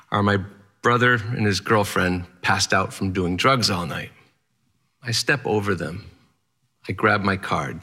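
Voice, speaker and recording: A man's voice: fairly low pitch, pushed and bright. A man telling a personal story in the first person, candid, plainspoken and wry.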